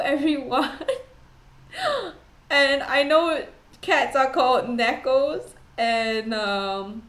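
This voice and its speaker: A young woman with a fairly high voice chats casually, rambling and giggling as she pokes fun at herself. Her voice bounces around a noticeably echoey room. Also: drawn-out words, a bit bright. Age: young adult. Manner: rambling, giggly, self-deprecating. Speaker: VTuber streamer. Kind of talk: casual chat. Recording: roomy echo.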